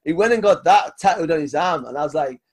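A man hosting a casual podcast, his voice sitting a little high for a man. He talks in an easygoing way, full of ums and casual swearing, and laughs along with his guest. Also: lively intonation, fast talker, a little mellow, slightly rough. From United Kingdom. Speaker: podcast host.

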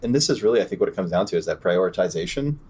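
A man hosting a podcast interview, chatting in a relaxed, filler-heavy way. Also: deep voice, rapid-fire, slightly rough. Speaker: podcast host. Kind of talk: casual interview chat.

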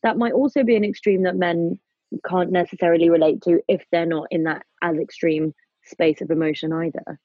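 A woman's voice: on the low side, fairly even intonation, a little fast, dry recording, highs cut off. A woman hosting a podcast, sharing her views earnestly and asking thoughtful questions in casual conversation. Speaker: podcast host.

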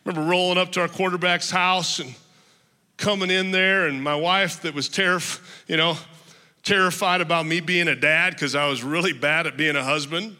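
A man's voice: on the high side, fairly even intonation, normal speed, sharp tone, in a large hall. A male pastor preaching a sermon to a congregation, emphatic and personal, telling his own story with touches of humor. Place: church hall with a congregation.

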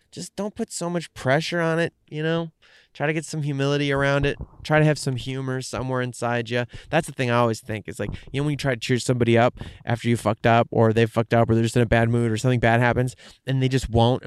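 A man thinks out loud in a loose, candid monologue, swearing freely and circling back with fillers. His voice is smooth and clear, recorded close and dry. The pitch sits in an ordinary middle range. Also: fast, no echo. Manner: candid and profane, rambling with fillers. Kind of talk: casual monologue.

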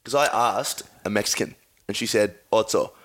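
A man's voice: lowish voice, normal speed, fairly bright tone. A man co-hosting a casual travel podcast chat, playful and teasing, laughing often. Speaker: podcast co-host.

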